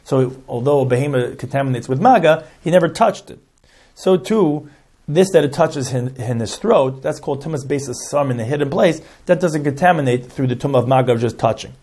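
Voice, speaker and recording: A man's voice: mid-range voice, expressive, fairly quick, warm tone, breathy edge. A man teaching a Talmud lesson, reading Hebrew and Aramaic terms and translating each into English, often stopping and restarting phrases. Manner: stops and restarts phrases while explaining. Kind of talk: explaining a Talmud text line by line.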